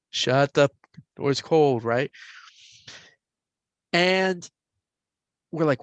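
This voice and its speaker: A man in his forties casually telling a story, getting animated and hushing into whispers for quoted voices. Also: fairly high pitch, very slow, long pauses, smooth, dry recording. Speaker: podcast host telling a story.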